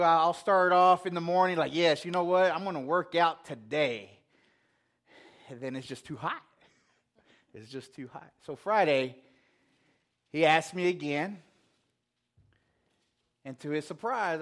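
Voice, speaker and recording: A man's voice: on the high side, fairly bright tone. A man preaching a casual, conversational sermon, telling a self-deprecating story with quoted asides. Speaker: pastor.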